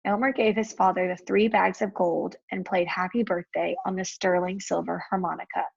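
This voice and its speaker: A woman reads a children's chapter book aloud with steady, clear storytelling. Her voice is husky and a little gravelly, and the recording sounds dull and lo-fi. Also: lowish voice, moderate pace, few pauses. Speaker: storybook reader.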